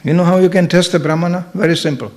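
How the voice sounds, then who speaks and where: A man's voice: sits high, quick pace. A middle-aged man giving a humorous scripture class at a temple, telling stories and acting out characters. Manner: animated storyteller, acts out characters. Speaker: visiting speaker at a temple.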